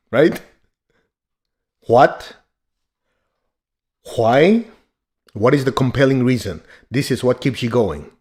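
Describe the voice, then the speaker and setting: A spiritual teacher gives a motivational teaching talk in a medium-pitched voice. He's blunt and emphatic, joking and laughing as he drives his points home.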